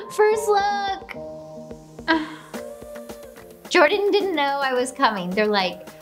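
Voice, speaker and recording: Bubbly high-voiced woman gushing. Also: big pitch swings, very slow, over music. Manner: gushing and bubbly, with gasps and laughs. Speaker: host reacting to her own wedding video. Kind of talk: casual reaction commentary.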